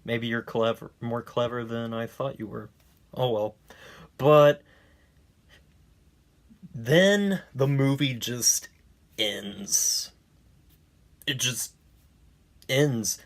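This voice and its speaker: A man talks through a movie review in an unhurried way, wry and a little sarcastic. He rambles, trips over his words and restarts his sentences, and his voice sits at an ordinary mid pitch. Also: lively intonation. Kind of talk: casual spoken review.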